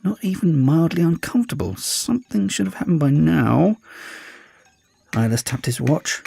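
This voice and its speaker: A man narrates an audiobook with an expressive, storytelling reading. His pitch moves a lot and his voice has a husky edge. The sound is dry and close. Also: moderate pace, no room sound, soft background music. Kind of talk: scripted narration.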